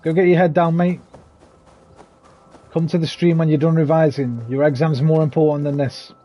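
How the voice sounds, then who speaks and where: This gaming streamer's voice sits on the high side, with a dark tone, fairly even intonation, and normal speed. While playing, he chats casually with his viewers, calls them by name, and curses without restraint.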